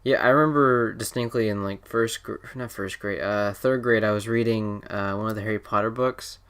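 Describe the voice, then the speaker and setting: A man's voice: fairly low pitch, fairly even intonation, normal speed, a bit bright, clean tone. A teenage boy hosting a casual podcast chat, rambling and joking with lots of fillers and restarts. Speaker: podcast host.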